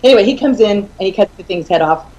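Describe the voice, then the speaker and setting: A woman in her fifties, a guest in an interview, telling animated stories and laughing often. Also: mid-range voice, quick pace. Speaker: author and guest. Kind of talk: casual storytelling in an interview. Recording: slightly muffled audio.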